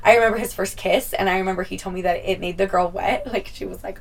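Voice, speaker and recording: A woman's voice: mid-range voice, steady tone, fast, vocal fry, far from the mic, rough recording. A young woman telling a casual storytime vlog, chatty, swearing freely and laughing often. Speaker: vlogger.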